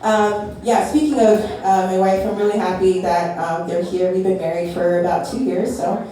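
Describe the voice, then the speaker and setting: A young woman doing stand-up, talking in a halting, self-deprecating way full of fillers. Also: mid-range voice, fairly even intonation, dark tone. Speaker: stand-up comic. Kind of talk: stand-up comedy set. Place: comedy club stage. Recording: echoey club from far off, crowd. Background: audience laughter.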